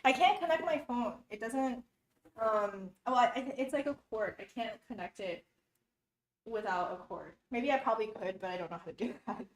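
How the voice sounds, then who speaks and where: A woman's voice: fairly high pitch, normal speed. Chatty, giggly young woman in an echoey kitchen. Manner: chatty and flustered, giggles and talks to herself. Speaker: YouTuber cooking for viewers. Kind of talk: casual cooking vlog. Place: home kitchen. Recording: roomy kitchen echo, faint noise.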